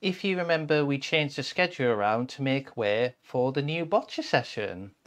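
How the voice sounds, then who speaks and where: A man's voice: mid-range voice, expressive, normal speed. A man co-hosting a community live stream, who reads out the schedule and introduces a picture book in a playful, self-mocking way. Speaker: co-host.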